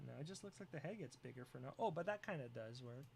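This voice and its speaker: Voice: medium pitch, lively intonation, fast talker, creaky, slight background noise. A live streamer chatting casually with viewers, joking, teasing and often breaking into laughter.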